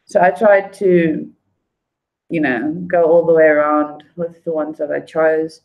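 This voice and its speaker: A woman's voice: sits low, steady tone, unhurried, gravelly, narrow, tinny audio. A woman from South Africa chatting casually on a livestream in a rambling way full of fillers.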